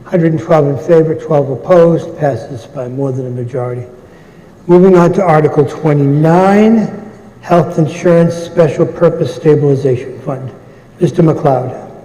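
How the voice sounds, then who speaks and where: A man moderating a town meeting, calling articles and votes in a brisk, procedural way with light asides. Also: a little high, mellow. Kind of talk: running a public meeting. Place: large meeting hall. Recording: echoey hall with long reverb.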